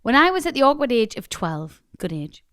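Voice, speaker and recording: A young woman co-hosting a podcast, reading a listener's story aloud with expressive delivery and chatting casually. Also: fairly high pitch, a little fast, no echo, clean studio sound. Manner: expressive, laughs often. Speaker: podcast co-host.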